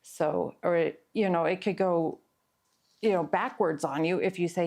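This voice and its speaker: Woman therapist with a lowish voice. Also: fairly even intonation, darkish tone. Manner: earnest, explanatory, with filler pauses. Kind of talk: educational talk to camera.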